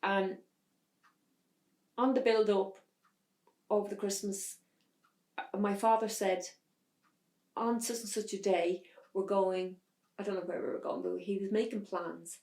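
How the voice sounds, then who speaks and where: Gravelly woman, echoey room. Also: medium pitch, flat delivery, a little mellow. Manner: halting, restarts under strain. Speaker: podcast guest. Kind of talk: personal testimony in an interview.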